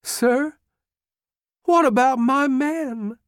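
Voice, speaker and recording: A man voicing a bewildered, tearful young general who pleads in a high, cracking voice. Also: drawn-out words, smooth, no room sound, clean studio sound, exaggerated voice. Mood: anguished.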